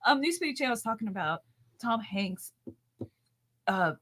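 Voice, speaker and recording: A woman's voice: fairly high pitch, expressive, normal speed, fairly bright tone. A woman co-hosting a live comics chat show, giggly and playful as she reads viewer messages aloud. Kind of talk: casual live-stream chat.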